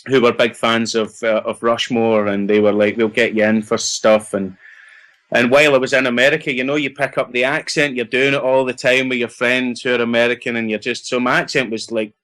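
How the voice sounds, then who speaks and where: A middle-aged Scottish actor telling lively anecdotes in a casual interview, laughing and acting out what others said. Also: male voice, medium pitch, fairly quick. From Scotland. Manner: animated anecdotes with laughter and acted-out quotes. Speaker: actor guest.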